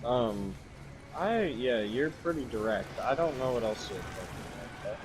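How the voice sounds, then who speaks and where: A man's voice: mid-range voice, lively intonation, unhurried, slight background noise, rough recording. A man casually chiming in with short dry comments while his brother tells a story during a game. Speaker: co-host of a gaming video. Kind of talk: casual chat while gaming.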